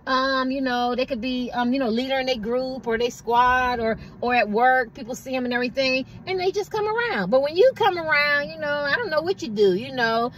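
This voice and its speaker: A woman's voice: high voice, expressive, a little fast, few pauses, a bit bright, a little hiss or hum. A woman tarot card reader giving a casual collective reading, rambling and conversational and asking "you know what I mean" again and again.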